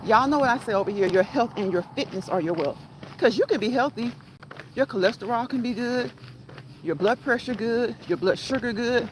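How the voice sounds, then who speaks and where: A woman's voice: on the high side, fairly quick, rough recording. A woman hosting a casual walk-and-talk fitness livestream, chatting with her live chat and laughing often as she walks outdoors with her phone. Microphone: phone held while walking. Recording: outdoor phone audio with loud background noise.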